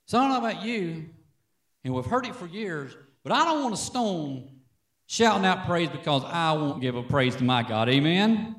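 A man preaching to a congregation in an easy, conversational way, tossing out "Amen?" as he goes. His voice sits somewhat high and moves with lively swings in pitch. He is picked up from some distance in a roomy, echoing church. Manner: conversational preaching, frequent "Amen?" call-outs. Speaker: worship leader. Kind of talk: sermon. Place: church sanctuary.

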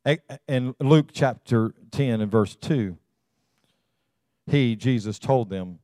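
A man's voice: mid-range voice, slow pace, warm tone, no echo. A man preaching to his congregation, emphatic and rousing, calling out to them again and again. His voice is recorded close and dry, with almost no room sound. He repeats words as he builds each point. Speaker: pastor. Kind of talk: sermon.

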